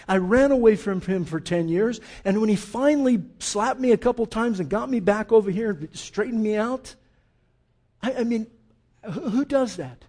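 A middle-aged man preaching a sermon as pastor, impassioned, swinging between loud urging and hushed intensity. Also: sits high, normal speed.

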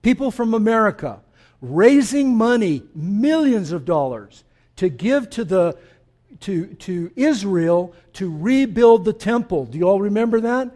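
A man with a high, light voice preaches in a church sanctuary. He talks with his congregation in joking asides, then moves between soft reflection and firm, emphatic statements. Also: very animated, a little slow. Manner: swings from quiet reflection to emphatic declarations. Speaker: pastor. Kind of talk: sermon.

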